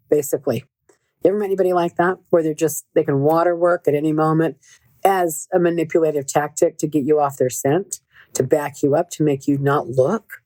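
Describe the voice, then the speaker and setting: Earnest middle-aged woman with a low voice. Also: darkish tone, no room sound. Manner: earnest, emphatic, repeats words for stress. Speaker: podcast host and relationship coach. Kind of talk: casual storytelling monologue.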